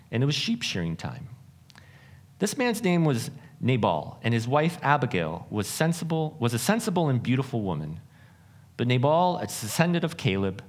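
A male pastor preaching to his congregation with an earnest, self-deprecating way of talking. His pitch rises and falls in an animated, lively way, and he often stops to restart a thought. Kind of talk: sermon.

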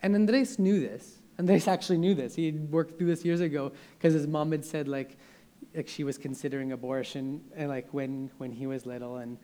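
A man's voice: a little high, fairly even intonation, moderate pace, mellow. A young man preaching a sermon in an earnest, conversational way, often restarting his sentences.

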